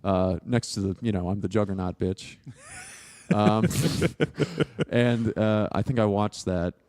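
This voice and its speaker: Young male film student guest, lower register, loose and rambly, quick to laugh. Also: darkish tone. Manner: rambling, heavy use of "like", laughs often. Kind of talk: casual interview chat.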